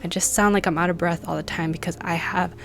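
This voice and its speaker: A young woman hosting a paranormal channel, chatting casually and reading an article aloud, her voice wavering and breathy. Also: on the low side, steady tone, fast, a bit bright. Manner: chatty, self-joking.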